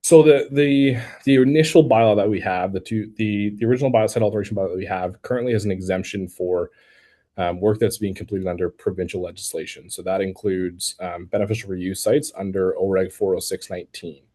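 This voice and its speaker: Low, dark-voiced man explaining a bylaw. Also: fairly even intonation, fairly quick. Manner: careful, technical, with frequent restarts and "um"s. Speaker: city staff member answering public questions. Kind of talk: explanatory answers at an online public meeting.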